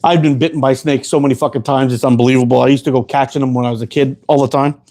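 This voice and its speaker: A man's voice: medium pitch, steady tone, racing, mellow. A man hosting a casual show, telling rambling stories full of profanity, often laughing. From Canada. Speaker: host. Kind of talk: casual storytelling chat.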